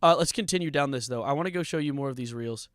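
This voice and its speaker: A man's voice: mid-range voice, quick pace, fairly bright tone, clean tone, dry recording, clean studio sound. A man livestreaming, casually reacting to clips with wry asides and laughter. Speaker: streamer.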